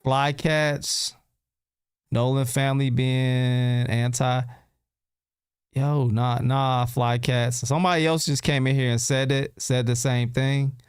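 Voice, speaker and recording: A man's voice: medium pitch, level tone, slow pace, clear, resonant tone, no room sound, clean studio sound. A man hosting a casual livestream, answering his chat in loose, slangy talk and repeating rhetorical questions. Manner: repeats himself and fires rhetorical questions at viewers.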